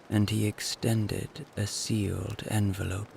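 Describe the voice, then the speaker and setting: Very slow, gravelly male storyteller. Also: deep voice, flat delivery, darkish tone, slight background noise. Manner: slow, soothing. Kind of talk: calm bedtime story narration.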